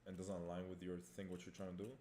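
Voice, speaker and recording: A man's voice: deep voice, monotone, racing, warm tone, roomy sound, slight background noise. A young man livestreaming, chatting casually with his viewers, rambling, repeating himself and swearing offhand. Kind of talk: casual live-stream chat.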